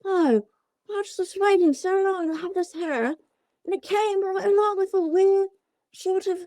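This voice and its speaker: A woman's voice: extremely high pitch, unhurried, mellow, dry recording, studio quality, voice pushed up. A woman voicing a purple monster puppet in a halfway British, halfway Cockney voice that sounds like a grandmother. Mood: delighted. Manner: prim, old-fashioned phrasing.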